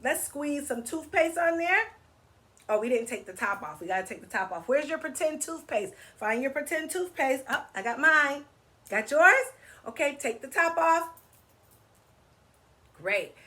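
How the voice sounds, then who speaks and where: A woman hosts a children's story time, reading aloud, singing, asking questions and coaxing kids to move along with her. Her voice is high, pushed and bright, animated but at a measured pace, with a playful manner that invites the kids to join in.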